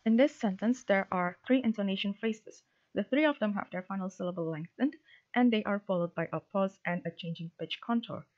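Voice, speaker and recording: A woman presenting linguistics research, reading a prepared academic talk in a steady, formal way with a few fillers. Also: medium pitch, brisk. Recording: dull lo-fi recording.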